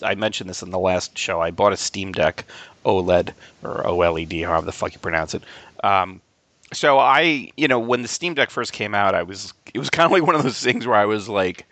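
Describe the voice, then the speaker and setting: A man's voice: on the low side, fairly bright tone, dry recording. A man co-hosting a casual podcast chat, rambling with many restarts and the odd swear word. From Albany, New York area. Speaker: podcast co-host.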